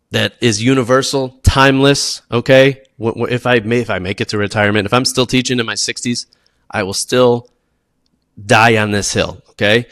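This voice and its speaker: A man who teaches PE, presenting classroom tips in an animated, emphatic way and often checking in with "okay?". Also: medium pitch, dry recording, clean studio sound. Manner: animated, acts out students and teachers.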